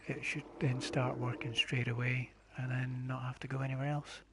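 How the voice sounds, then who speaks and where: A man streaming a building game live, talking himself through his plans in a low-key, methodical way. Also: little pitch movement, normal speed, heavy background noise. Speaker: gaming streamer. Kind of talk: live gameplay commentary.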